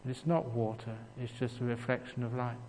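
A man's voice: medium pitch, level tone, a little fast, a little mellow, slight background noise. An English man giving a Buddhist dharma talk, telling stories with humour and frequent chuckles. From England. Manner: humorous storytelling with frequent chuckles. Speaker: Buddhist monk teacher. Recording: reverberant hall with faint ambience.

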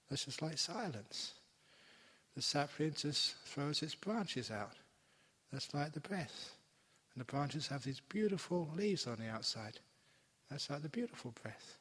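A man giving a gentle, playful meditation talk as a teacher, slowing down for emphasis. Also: a little high, breathy edge. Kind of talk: dharma talk. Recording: long hall reverb.

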